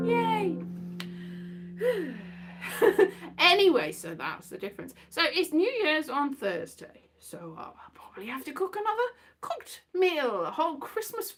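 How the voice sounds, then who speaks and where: High, lively woman rambling. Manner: rambling, scatterbrained, breaks into silly improvised songs. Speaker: vlogger. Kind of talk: casual rambling chat.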